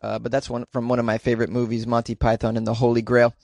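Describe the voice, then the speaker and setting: A man's voice: medium pitch, completely flat delivery, fast, creaky, a little mellow, no room sound, studio quality. A man hosting a comedy podcast, talking in a rambling, self-deprecating way with lots of fillers. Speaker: podcast host. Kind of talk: casual comedic monologue.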